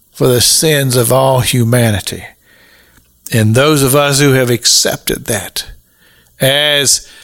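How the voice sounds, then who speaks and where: A man preaching a slow, emphatic radio sermon that rises to fervent peaks. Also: mid-range voice, fairly bright tone.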